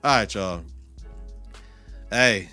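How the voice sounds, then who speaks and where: A man hosting his own podcast in a loose, profanity-heavy rant. His voice is bright and forceful, and it jumps from loud outbursts to low, muttered asides. Faint music plays underneath. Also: very slow. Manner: animated, heavy cursing, swings loud and soft. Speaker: podcast host.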